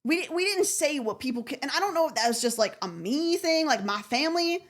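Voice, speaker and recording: High-voiced woman streamer with fading Southern lilt. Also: lively intonation. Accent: faint Southern US. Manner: rambling, heavy on "like" and restarts, quick laughs. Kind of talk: casual chat with viewers.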